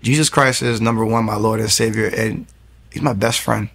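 Low gravelly man telling his testimony. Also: fairly even intonation, normal speed, fairly bright tone. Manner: earnest, storytelling, acts out quoted dialogue. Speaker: interview guest. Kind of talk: testimony interview.

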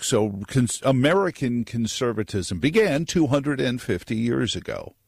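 A man's voice: on the low side, no echo, clean studio sound. A man hosting a talk radio show in a loose, joking monologue that wanders off on tangents. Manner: joking, digressive, conversational. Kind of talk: casual monologue on politics.

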